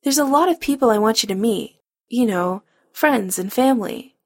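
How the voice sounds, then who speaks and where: Woman voicing a soft-spoken tender man. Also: fairly high pitch, expressive, moderate pace. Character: male romantic lead, tender, coaxing man.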